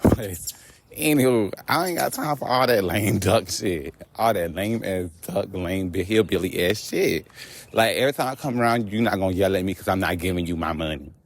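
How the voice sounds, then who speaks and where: A man vlogging outdoors on a walk, telling a story in an animated, profane rant. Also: sits low, normal speed, vocal fry. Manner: animated, profane, laughing asides.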